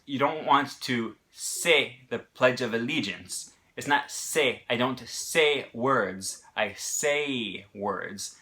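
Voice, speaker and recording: A man's voice: mid-range voice, bright, forceful tone. A man with an American accent explaining pronunciation in a casual lesson, talking in short bursts with fillers and restarts. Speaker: language teacher.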